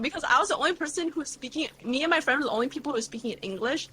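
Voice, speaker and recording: A woman in her twenties, a guest creator, chatting casually in an interview with lively storytelling and lots of fillers. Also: sits high, rapid-fire, few pauses, husky. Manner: bubbly, animated storytelling with frequent "like" and laughs.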